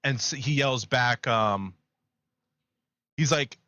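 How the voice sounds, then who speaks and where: A man co-hosting a podcast, retelling a myth in a rambling, animated way. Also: medium pitch, slow pace, dry recording. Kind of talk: casual chat, storytelling.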